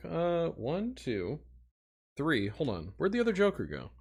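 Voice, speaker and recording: A man's voice: fairly high pitch, huge pitch swings, measured pace, breathy edge. A young man from Missouri chatting casually with his livestream audience, self-mocking and talking straight to chat.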